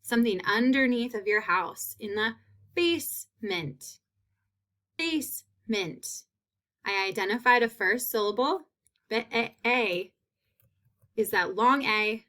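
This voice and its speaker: A woman teacher giving a phonics lesson, stretching out sounds and repeating each word slowly. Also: medium pitch, bright, forceful tone.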